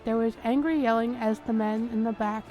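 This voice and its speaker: A woman host reads a story game's first-person narration aloud in a steady way. Her voice is fairly high, and faint music runs underneath. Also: fairly quick. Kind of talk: reading a story game aloud.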